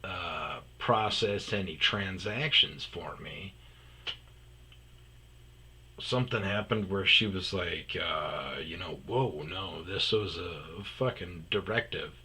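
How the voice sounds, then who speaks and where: Male storyteller, low husky voice, unhurried, swears a lot, gets loud playing out the quotes. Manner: profane, animated, acts out quotes loudly. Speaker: storyteller host. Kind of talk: casual ranting storytelling.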